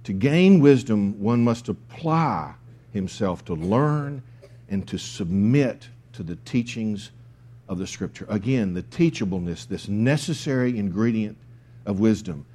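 Male pastor, sermon delivery, lively intonation, mellow tone, emphatic and repetitive. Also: on the low side, measured pace. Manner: emphatic, repeats key phrases.

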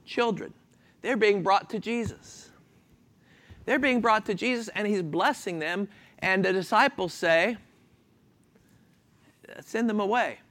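A man preaches a sermon, putting questions to the congregation and then answering them himself in an animated, chuckling way. His voice is high-pitched, and he goes slowly with long pauses.

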